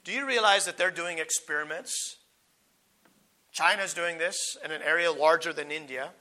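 Preacher, male, high and very bright voice, hoarse, clears his throat, slow emphatic scripture reading. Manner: reads scripture slowly and emphatically, with stumbles and restarts in asides. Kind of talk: sermon, Bible teaching.

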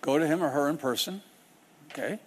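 A man preaching a sermon, dramatic and expressive, acting out the people he quotes. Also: fairly high pitch, brisk, a little hiss or hum. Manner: dramatic, acts out quoted people in shifting voices.

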